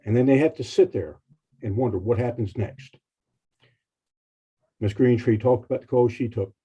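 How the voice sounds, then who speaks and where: A man's voice: medium pitch, normal speed, warm tone, breathy edge. A man giving emotional, earnest testimony at a legislative hearing as a committee chairman. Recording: dull lo-fi hearing stream.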